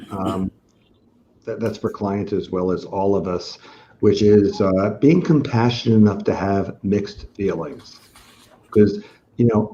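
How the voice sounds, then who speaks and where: A man with a low voice speaks on a video-call panel, thoughtful and anecdotal. His audio is dull and lo-fi, with faint background noise. His tone stays easygoing. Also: mellow. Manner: storytelling, reflective. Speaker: panelist therapist. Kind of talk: casual panel discussion.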